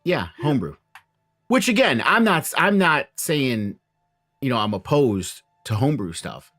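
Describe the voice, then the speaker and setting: A man who runs the tabletop game talks loosely, with plenty of fillers and restarts. His pitch swings widely, and there is faint music under the whole chat. His voice sits at an ordinary middle height. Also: measured pace. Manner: rambling, filler-heavy, animated. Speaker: game master.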